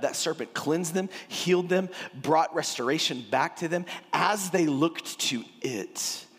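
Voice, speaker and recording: A man from Texas, preaching an emphatic, animated sermon. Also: fairly high pitch, unhurried, few pauses, husky, in a large hall. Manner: animated, emphatic, acts out scripture dialogue. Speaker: pastor.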